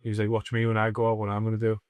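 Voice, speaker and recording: Podcast comic, deeper voice, animated storyteller, heavy swearing, dry sound. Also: male voice, very fast, clean tone, dry recording. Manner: swears constantly, animated anecdotes. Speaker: comedian podcast co-host. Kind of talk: casual storytelling chat.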